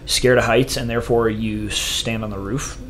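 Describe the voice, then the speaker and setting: A physician guest on a podcast, recounting stories in an animated way. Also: medium pitch, normal speed, slight background noise, rough recording. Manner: animated anecdotes. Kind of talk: casual chat.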